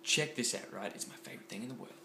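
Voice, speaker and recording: A young man, chatting excitedly and rambling in a home vlog, full of ums and likes. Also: mid-range voice, fast. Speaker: vlogger. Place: home kitchen. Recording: echoey room with faint background noise.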